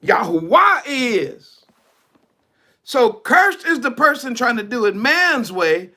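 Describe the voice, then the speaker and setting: A man's voice: very high-pitched, very animated, unhurried, pushed and bright. A male preacher giving a fiery, colloquial online sermon, reading scripture and preaching it.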